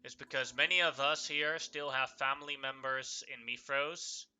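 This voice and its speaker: A man's voice: mid-range voice, fairly even intonation, normal speed, bright, forceful tone, clean tone. A man playing a bargaining exile king. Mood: negotiating. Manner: bargaining firmly with hesitant fillers. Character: proud male king of an island of exiles.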